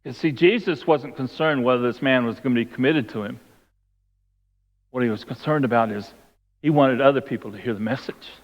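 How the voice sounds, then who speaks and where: In a church sanctuary, a man preaches a sermon, retelling the story and acting out the voices of the people in it. He speaks briskly at a medium pitch. The recording has a long hall reverb and a dull, lo-fi quality.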